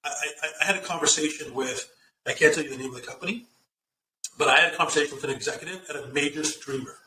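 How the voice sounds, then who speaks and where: Fast, animated man in an echoey room. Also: on the high side, slight background noise. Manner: animated storyteller, acts out quoted dialogue, repeats words when starting. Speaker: guest, CEO and author. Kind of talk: interview. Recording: roomy, distant sound with faint ambience.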